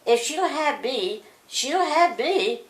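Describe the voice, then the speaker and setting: An older woman reading aloud, voicing a cheeky, foolish young man who shouts merrily. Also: sits high, expressive, takes it slowly, pitched above the performer's own voice. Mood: boisterous. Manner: shouting, boisterous. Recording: roomy echo.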